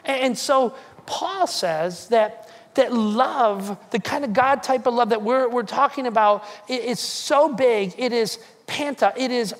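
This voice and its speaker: A pastor preaching a sermon, telling the story behind a scripture passage in an animated, casual way, acting out what the writer says and adding jokey asides to the congregation. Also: mid-range voice, unhurried, hardly any pauses. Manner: animated, acts out quoted lines in a casual storytelling way. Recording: long reverb of a large hall.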